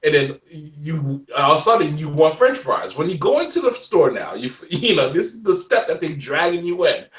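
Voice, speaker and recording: A man in his forties telling stories in a casual interview chat, animated and laughing often. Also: fairly high pitch, moderate pace, few pauses, reverberant, far from the mic. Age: 40s. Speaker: guest.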